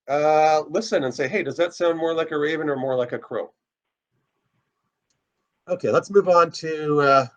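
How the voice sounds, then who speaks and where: A man's voice: on the high side, fairly bright tone. A man teaching a casual online birding lesson, explaining step by step as he plays bird recordings. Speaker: birding instructor.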